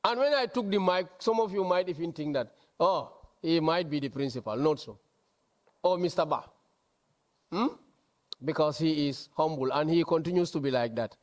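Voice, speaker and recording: A man's voice: on the high side, animated, normal speed, pauses often, a little mellow. A man who is a college registrar, introducing staff at a student orientation in a chatty way, often checking in with the audience. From The Gambia. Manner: chatty, asks the audience "huh?" and "not so?".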